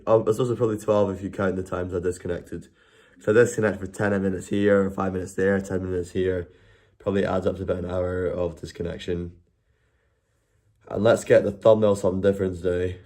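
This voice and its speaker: A man's voice: low-pitched, steady tone, brisk, mellow. A man chatting casually and rambling on a live stream, laughing and swearing as he goes.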